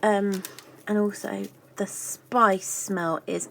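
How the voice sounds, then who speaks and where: A woman's voice: mid-range voice, unhurried, vocal fry, rough recording. A chatty woman, baking in her home kitchen and talking playfully as she goes, tossing in silly made-up words. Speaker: baking vlogger. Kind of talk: casual chat while baking.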